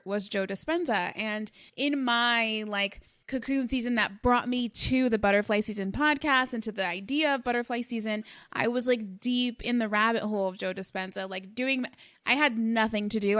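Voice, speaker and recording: Young woman podcast host, higher voice, animated storyteller, chatty with fillers, dry close-mic sound. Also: dry recording. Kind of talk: casual conversational interview.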